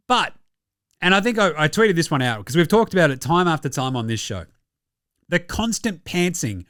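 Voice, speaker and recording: Casting: Australian male sports-pod host, sweary and sarcastic, slightly high voice, dry close mic. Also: fairly bright tone, no room sound. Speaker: basketball podcast host. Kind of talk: casual sports commentary rant.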